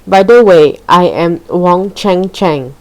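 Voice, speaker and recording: Slow, low-voiced female story reader. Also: poor audio. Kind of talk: reading a children's story aloud.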